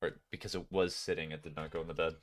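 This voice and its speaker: A man's voice: extremely low pitch, flat delivery, quick pace. A man streamer chatting casually while playing a game, rambling and talking to his viewers. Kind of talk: casual gameplay chat.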